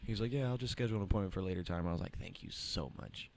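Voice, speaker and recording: A young man with a somewhat low voice, talking with friends on a podcast. He tells his story with animation and slips into the voices of everyone in it. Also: rapid-fire, slight background noise. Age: young adult. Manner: animated storyteller acting out quotes. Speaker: podcast co-host. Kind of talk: casual chat.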